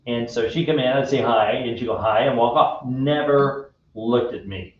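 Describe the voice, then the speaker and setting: A man hosting a radio show, telling a personal story in a friendly, unhurried way. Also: mid-range voice. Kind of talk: casual faith-based chat. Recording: echoey room, distant dull mic.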